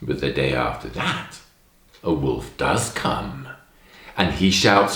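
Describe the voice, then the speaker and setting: A man telling stories to young children in a lesson, expressive and emphatic, acting out the lines in a story. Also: rumbling low, slow pace, roomy sound.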